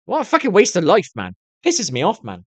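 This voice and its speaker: A man's voice: high-pitched, wildly swooping pitch, brisk, a bit bright, slightly rough, no room sound. A middle-aged man chatting to his viewers on a live stream, swearing constantly and rambling on in a candid way. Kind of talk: casual rambling chat to viewers.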